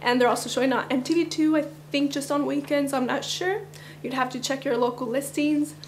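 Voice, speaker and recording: Woman vlogger, slightly raised pitch, groggy cracking morning voice, chatty rambling delivery. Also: fairly quick, slight background noise. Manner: chatty, rambling, with little laughs. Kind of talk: casual fan countdown chat.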